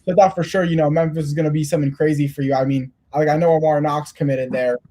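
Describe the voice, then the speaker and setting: Guy asking interview questions, talks quick, rambles and restarts, kinda mellow. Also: on the high side, steady tone. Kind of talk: casual interview.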